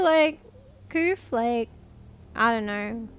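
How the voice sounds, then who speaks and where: Slightly high, slightly slow and a touch bright, the voice belongs to a young Australian woman on a laid-back live stream. She's chatty, reads out what viewers type and drops swear words freely.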